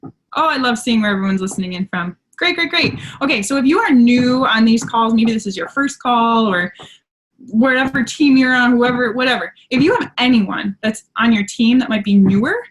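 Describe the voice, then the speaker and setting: A woman with an Upper Michigan accent and a slightly high voice hosts a casual live training call. She is chatty and upbeat and laughs often at herself. She talks into her computer at home. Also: moderate pace, rough recording. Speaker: host of a team training call. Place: at home by a window. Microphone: computer on a video call.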